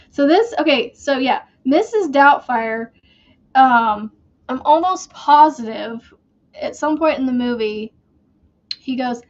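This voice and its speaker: A woman's voice: sits high, highs cut off. A woman hosting a crochet channel, chatting casually and rambling while she works. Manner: slow, rambling, chatty with fillers.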